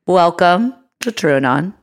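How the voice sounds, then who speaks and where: A young woman co-hosting a podcast in casual comedic chat, teasing her co-host and quick to laugh. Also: fairly low pitch, animated.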